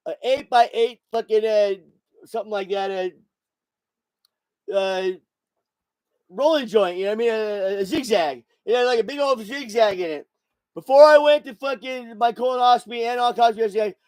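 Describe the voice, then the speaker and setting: Speaking in a very high voice, an intoxicated podcast host in his sixties rambles through a casual monologue, swearing and repeating himself. The recording is rough and has no room sound.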